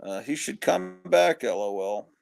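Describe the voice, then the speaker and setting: A man's voice: mid-range voice, big pitch swings, measured pace, gravelly, darkish tone. A middle-aged man hosting a casual chat show, tired, rambling and joking as he talks. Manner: rambling, joking, self-interrupting. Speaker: host.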